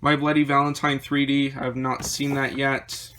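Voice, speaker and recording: Guy going thru his movie shelf, kinda flat voice, bit hoarse, faint hiss behind. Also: medium pitch. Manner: rambling, listing titles with quick opinions. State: slightly losing his voice. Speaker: movie collection vlogger. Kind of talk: casual chat showing a collection.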